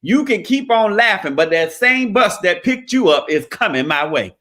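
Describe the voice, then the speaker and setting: A man's voice: high voice, expressive, normal speed, pushed and bright. A man, talking in a preachy, emphatic, folksy way, giving motivational talk about credit. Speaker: credit repair business owner.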